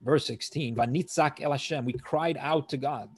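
A man's voice: medium pitch, normal speed, breathy edge. A man teaching a verse-by-verse scripture lesson, reading Hebrew phrases and translating them one by one in an earnest, explanatory way. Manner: earnest, explanatory, with frequent restarts. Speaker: Torah teacher.

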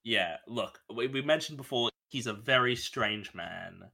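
A man's voice: mid-range voice, measured pace, gravelly, bright, forceful tone. An Australian man co-hosting a podcast, rambling casually about films with restarts and swearing. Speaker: podcast co-host. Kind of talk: casual film chat.

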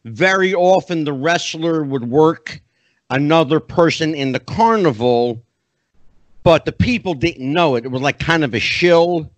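A man hosting a podcast, chatting in an animated way with many asides. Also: a little high, measured pace, dry recording. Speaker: podcast host. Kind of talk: casual interview chat.

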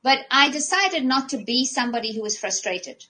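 A woman's voice: high-pitched, very animated, moderate pace, pushed and bright, low-quality recording. A woman co-hosting a casual podcast as a life coach, talking animatedly, often restarting phrases and acting out her own thoughts.

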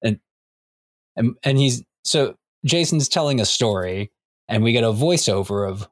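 A man's voice: medium pitch, measured pace, no room sound, studio quality. A man co-hosting a casual comics podcast, rambling and full of restarts. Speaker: podcast co-host. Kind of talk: casual chat about comics.

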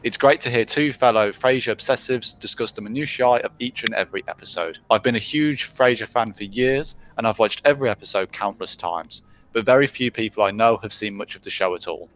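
A man's voice: lowish voice, fast talker, hardly any pauses, fairly bright tone. A man from England co-hosting a casual podcast, reading out listener messages in an easygoing way. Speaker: podcast co-host.

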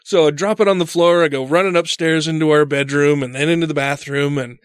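A man telling a story in casual chat, animated and profane, acting out his own panicked voice in a home studio. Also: on the high side, brisk, clean tone, no room sound.

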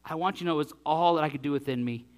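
A man in his forties, a pastor telling a personal story in a sermon, animated and self-deprecating. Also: a little high, very fast. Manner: animated, self-deprecating, acts out his own breathless lines.

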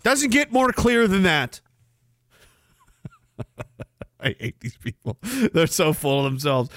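Male stream host, exasperated sarcastic ranter, slightly high voice, dry booth sound. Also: big pitch swings, unhurried, long pauses, a bit bright, no room sound. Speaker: podcast host. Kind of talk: ranting live stream commentary.

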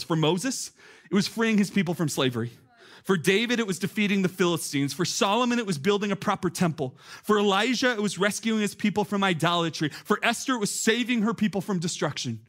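High-voiced, animated male pastor preaching. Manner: animated, conversational, many filler "like"s, rising to near shouts. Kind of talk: sermon.

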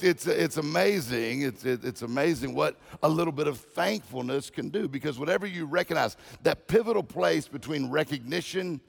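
A man's voice: medium pitch, gravelly. A man giving a guest sermon on gratitude, telling jokes and personal stories and often repeating phrases. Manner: joking, anecdotal, repeats phrases. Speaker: guest speaker. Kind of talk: humorous sermon storytelling.

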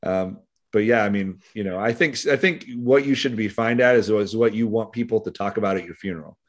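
A middle-aged man with a Californian accent and a fairly low voice talks fairly quickly. He's a sheriff's deputy and author appearing as a podcast guest, rambling through stories with many fillers in a casual interview.

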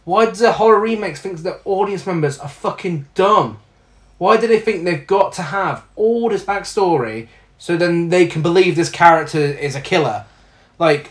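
A man's voice: high voice, lively intonation, normal speed. Male co-host, sarcastic film critic, swears freely, conversational. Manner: blunt, sarcastic, swears often. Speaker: podcast co-host reviewing films. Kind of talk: casual film review chat.

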